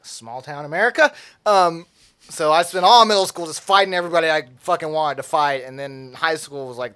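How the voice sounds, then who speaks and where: A man's voice: a little high, fast, bright, forceful tone, clear, resonant tone. A young man from Tennessee, telling a story in casual chat, profane and acting out quotes with laughs.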